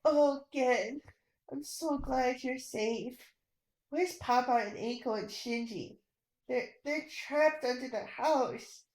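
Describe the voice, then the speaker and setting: A woman doing a gentle, anxious mother. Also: high-pitched, takes it slowly, roomy sound. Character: worried, loving mother.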